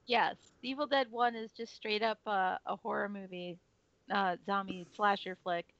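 A woman's voice: mid-range voice, fairly even intonation, normal speed, fairly bright tone, no echo. Enthusiastic female podcast co-host, filler-heavy; dry, muffled lo-fi recording. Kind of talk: casual chat. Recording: dry dull lo-fi audio.

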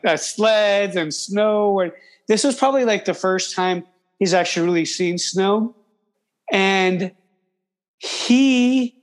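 A man, a guest on a casual podcast, who talks haltingly and restarts his phrases. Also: sits high. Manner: halting, with many fillers and restarts. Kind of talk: casual chat.

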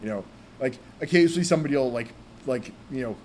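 A man's voice: medium pitch, expressive, fast, darkish tone, a little hiss or hum. A young man co-hosting a casual podcast about role-playing games, rambling with many fillers. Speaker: podcast co-host.

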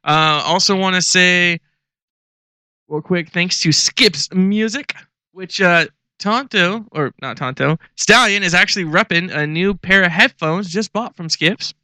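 A man co-hosts a radio show, his voice forceful and tense yet smooth. He talks in a laid-back, jokey way and trips over sponsor plugs. The studio sound is dry and close. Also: high voice, measured pace, no echo. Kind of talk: casual radio banter and sponsor reads. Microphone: studio headphones and mic.

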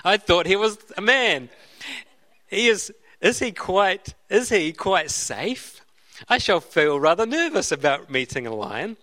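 A man's voice: high-pitched, big pitch swings, measured pace, pushed and bright, pitched above the performer's own voice, heavily acted. A man reading aloud as a nervous young schoolgirl from a storybook, hesitant and anxious.

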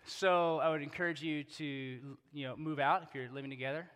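A male pastor preaching in a loose, conversational way, stacking rhetorical questions. His voice sits a little high and rings bright and forceful. It is heard with the long reverb of a large hall. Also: fairly even intonation, moderate pace. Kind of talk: sermon.

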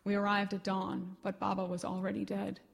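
A woman's voice: mid-range voice, completely flat delivery, brisk, gravelly, husky, long reverb tail. Lady reading as a young woman falling apart, pleading, crying out. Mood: mournful. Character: distraught young woman in a breakdown.

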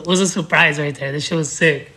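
A man's voice: fairly high pitch, steady tone, brisk, bright, forceful tone, husky. A man from Brazil, a guest on a podcast, telling a story in a loose, laughing, profane way with lots of restarts. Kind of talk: casual storytelling.

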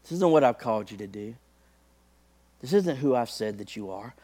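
A man voicing God, softly questioning. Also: medium pitch, expressive, normal speed, close to an everyday voice. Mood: gentle nudge. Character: God, male, gently nudging and questioning.

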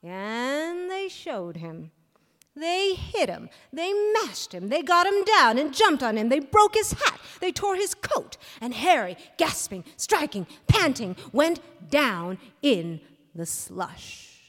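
Woman reading a story live, lively pitch. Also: slow. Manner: expressive storytelling. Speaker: reader. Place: stage of a hall. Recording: long hall reverb, live stage.

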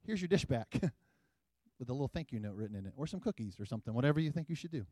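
A man's voice: medium pitch, animated, fast talker, warm tone, no room sound. A man preaching a sermon in church, talking casually with the congregation and building up to emphatic scripture reading. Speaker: pastor. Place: church sanctuary.

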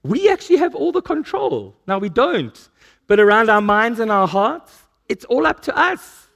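A man's voice: very high-pitched, big pitch swings, normal speed, creaky, a bit bright. A male preacher giving a sermon at a church service, telling stories with self-mocking humor.

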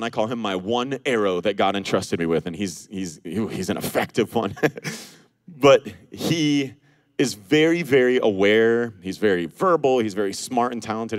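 A man in his thirties preaching a sermon as pastor, animated, acting out the voices he quotes. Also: fairly low pitch, dry recording, clean studio sound.

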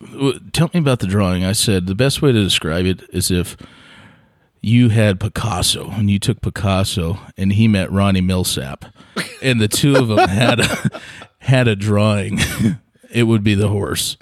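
A man who is a guest on a podcast, telling joking stories in a lively, animated way. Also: on the low side, a little slow, dry recording, studio quality. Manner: joking storyteller, animated delivery. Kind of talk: casual podcast chat.

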